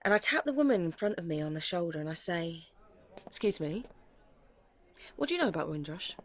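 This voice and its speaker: In an audio drama, an actress plays a young daughter narrating, in present tense, her search into her family's past. Her lowish voice is very animated and brisk, and the mood is earnest.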